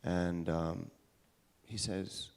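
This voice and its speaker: Man preacher, British accent with American tinge, deep gravelly voice, storytelling with restarts. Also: fairly even intonation, drawn-out words. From England. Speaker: pastor. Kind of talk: sermon. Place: church service.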